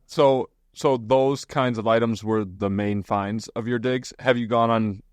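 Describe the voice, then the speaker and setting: A male podcast host with a somewhat low voice, tossing in short reactions and easygoing questions to his guest. The sound is dry and close, with no room around it. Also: fairly even intonation, a little slow, a little mellow, clean tone, dry recording. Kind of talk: casual interview questions.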